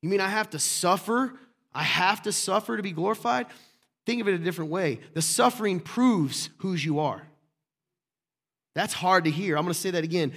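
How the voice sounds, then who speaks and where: A man's voice: high-pitched, lively intonation, normal speed. A male pastor preaching a sermon to a congregation in a conversational way, firing off rhetorical questions and joking asides. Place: church room with congregation.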